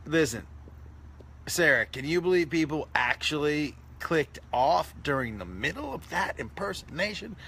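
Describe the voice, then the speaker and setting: Brief: male comedian hosting a casual live stream, lively pitch, joking and self-mocking, faint background hiss. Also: measured pace. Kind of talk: casual live-stream chat reading comments.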